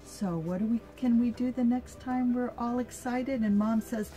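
Slow, mellow-voiced older woman reading aloud. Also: on the high side, faint music behind. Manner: slow, gentle, asks the listener questions. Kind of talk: reading a picture book aloud to a child.

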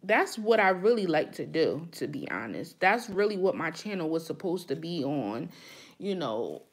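A woman's voice: low voice, sing-song, moderate pace, slightly rough. Frank, emphatic woman chatting live. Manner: emphatic, frank, talks straight to viewers. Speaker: YouTuber hosting a live chat. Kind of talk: casual live chat with viewers.

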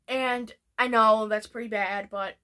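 A woman vlogger chatting about her favorite shows in an excitable, rambling way. Her voice is bright and a little high, with lots of fillers and restarts. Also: unhurried. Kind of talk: casual show ranking.

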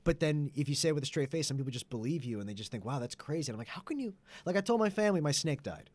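A man spinning comic anecdotes in a loose, joking chat, his pitch swooping up and down as he builds to the punchline. His delivery leans on straight-faced fibs and bursts of laughter. The sound is close and dry, with no room around it. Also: rapid-fire, dry recording. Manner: animated storyteller, deadpan liar, laughs at own jokes. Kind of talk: casual comedic chat. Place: studio.

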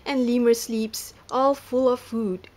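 Lady reading a kids book out loud, amused and lively, takes her time. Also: on the high side, slow. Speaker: reader. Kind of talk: reading a children's book aloud.

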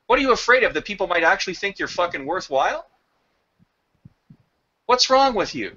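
A man with a high, bright, forceful voice tears into someone in an online voice chat. He swears freely and hammers away with rhetorical questions. The audio is dull and lo-fi. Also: big pitch swings, a little fast. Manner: confrontational, profane, rhetorical questions. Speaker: voice chat room participant. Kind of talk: heated rant in online voice chat.

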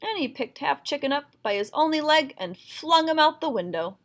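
A woman reading a folktale aloud with expressive, rhythmic storytelling. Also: high-pitched, moderate pace.

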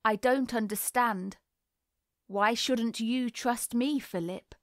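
A woman reading the lines of an anxious, earnest mother who speaks gravely with a slight tremble. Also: on the high side, takes it slowly, no echo, clean studio sound. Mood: worried.

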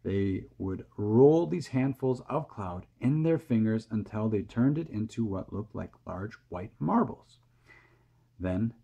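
A man calmly reading a children's storybook aloud, close to the camera mic. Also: on the low side, gravelly, breathy edge. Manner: calm, steady reading.

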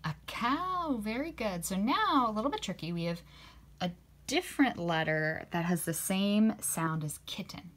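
Casting: low-pitched woman, slow and encouraging, teaching children letter sounds. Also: animated. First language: English.

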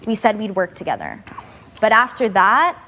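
A woman's voice: medium pitch, wildly swooping pitch, moderate pace, pushed and bright. A young woman on a reality show, making an emotional, confrontational speech at a house meeting. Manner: emotional, confrontational, defending herself.

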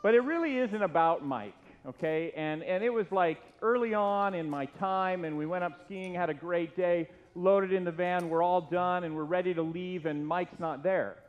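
A middle-aged man with a high voice, once a youth pastor, tells a story that makes fun of himself as his tribute at a church retirement party, moving at a moderate pace with few pauses. His delivery is animated and self-deprecating, suited to a humorous anecdotal speech. The audio is lo-fi and dull, with hall echo and a faint hiss.

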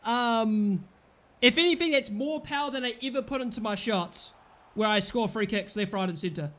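Young male gamer, high bright voice, excitable live gameplay commentary with angry outbursts. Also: moderate pace. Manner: excitable, frustrated outbursts and shouting at players. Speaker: gaming commentator.

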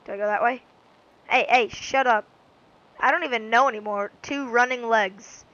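A woman's voice: a little high, moderate pace, a bit bright, dull audio. A woman giving rambling, goofy, self-mocking commentary while she plays a game. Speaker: let's-play gamer. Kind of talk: casual gameplay commentary.

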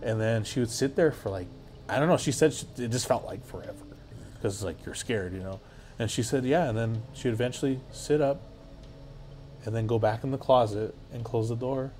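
A man's voice: mid-range voice, brisk, a little mellow, slight background noise. A man guesting on a podcast, telling a story in a rambling, casual way full of filler words and swearing.

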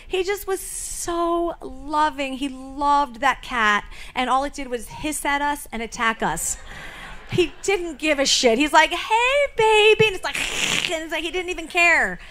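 Fairly high-pitched woman speaking at a memorial show. She talks in a casual, halting way, with plenty of "um"s and restarts, as she shares stories about a friend she lived with. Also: bright, forceful tone. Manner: halting, chatty, lots of fillers and restarts. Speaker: memorial speaker, late comedian's roommate. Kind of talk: personal tribute speech. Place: live show venue.

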